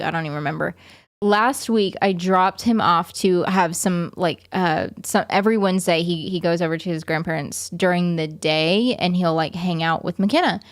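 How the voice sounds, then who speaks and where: A woman's voice: fairly low pitch, no echo, studio quality. A woman vlogging to her viewers in a casual, rambling way, full of fillers and restarts. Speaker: vlogger and parent.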